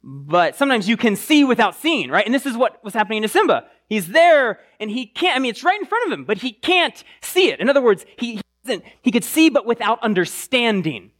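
A man's voice: very high voice, fairly quick, few pauses. A man preaching a sermon in a conversational way, often checking in with the crowd and restarting his phrases. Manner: animated, with frequent restarts. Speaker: pastor.

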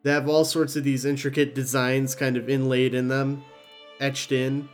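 A young man narrating as game master in a relaxed, rambling way, swearing casually. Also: medium pitch, normal speed, soft background music.

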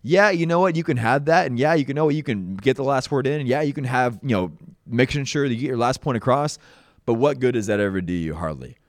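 A man's voice: medium pitch, animated, fast, dry recording, studio quality. A young man, hosting a motivational podcast in a folksy, rambling way and often saying "y'all" and "man.". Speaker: podcast host. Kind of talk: casual motivational monologue.

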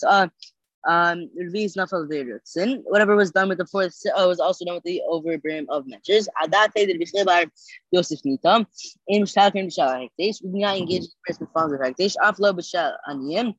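Halting, sleepy Talmud reader, dry lo-fi sound. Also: mid-range voice, a bit bright, no echo. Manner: halting, many fillers and self-corrections. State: sleepy, yawning. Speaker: podcast host teaching the daily Talmud page. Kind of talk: reading and translating Talmud text.

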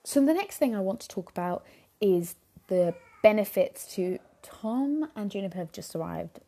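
Speaking at a moderate pace, a young adult woman uses a warm, mid-range voice with lively intonation. She hosts her own podcast and talks into the mic about parenthood, earnest and reflective, with many a "you know."

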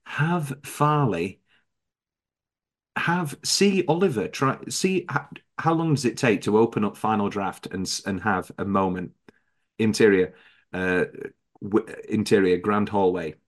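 A podcast host chats casually about a film, animated and quick to imitate characters in high voices.

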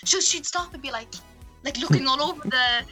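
A woman's voice: high voice, brisk, sharp tone, faint music behind. A young Irish woman in casual chat, telling stories with giggles and animation. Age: young adult.

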